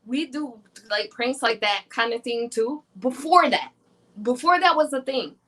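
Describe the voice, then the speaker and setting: A woman in her forties, a podcast guest telling childhood stories in a chatty, animated way. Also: on the high side, measured pace. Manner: chatty, animated storyteller, many "like" fillers. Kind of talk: casual chat.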